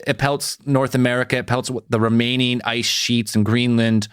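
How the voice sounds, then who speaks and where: A man's voice: medium pitch, steady tone, smooth, dry recording, clean studio sound. A man co-hosting a podcast, rambling and swearing freely in casual chat. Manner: rambling, swears, quick to joke. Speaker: podcast co-host.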